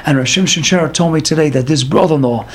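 A man with a high, light voice delivers a dramatic storytelling sermon. He talks in a lively way, peppering his speech with Hebrew and Yiddish words. There's a faint hiss of noise behind him. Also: quick pace. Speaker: religious storyteller.

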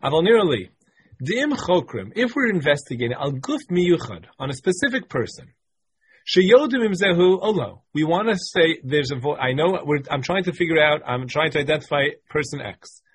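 A man's voice: on the high side, big pitch swings, moderate pace, breathy edge. A man teaching a Talmud class, reading passages from the text, translating them and explaining step by step with many repeated phrases.

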